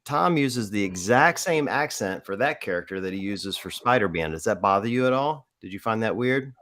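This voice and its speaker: A man's voice: fairly low pitch, lively intonation, moderate pace, a bit bright. A man co-hosting a casual movie chat, wry and skeptical. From American South. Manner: wry, skeptical, dry asides. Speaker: podcast co-host.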